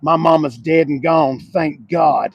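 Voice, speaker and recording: A man doing a casual car walkaround on a dealership lot, loud and excitable, swinging between low murmurs and sudden shouts. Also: a little slow, creaky, no room sound, highs cut off.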